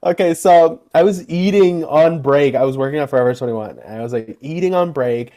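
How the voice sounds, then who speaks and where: A young man chats on a casual podcast, his voice a touch high but soft and mellow. He spins animated stories, jumping into the voices of the people in them. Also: fairly quick. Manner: animated storyteller who acts out quotes. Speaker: podcast co-host. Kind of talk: casual chat.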